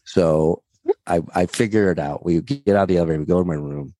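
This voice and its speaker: A comedian man telling animated, rambling stories with many fillers, in a casual chat. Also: low voice, quick pace, no echo. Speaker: comedian guest. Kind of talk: casual storytelling.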